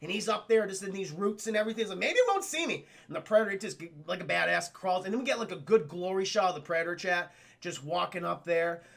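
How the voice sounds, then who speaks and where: Man, livestream film recap, high bright voice, gravelly edge, laughs and acts out lines. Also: fast talker, few pauses. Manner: animated, laughing, acts out characters' lines, swears a lot. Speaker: streamer reviewing a film. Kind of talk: excited casual recap with live chat.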